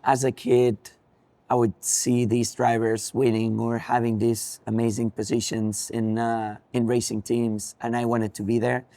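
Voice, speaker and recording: A man's voice: medium pitch, flat delivery, a little slow, dark tone, no echo. A young man with a Spanish accent, a racing driver, answering interview questions thoughtfully with frequent ums and restarts.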